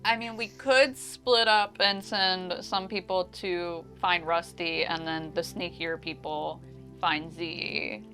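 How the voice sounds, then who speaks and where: A woman playing a tabletop game, planning with others and quick to agree. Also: lowish voice, steady tone, fairly bright tone, faint music behind. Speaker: player. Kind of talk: casual tabletop chat.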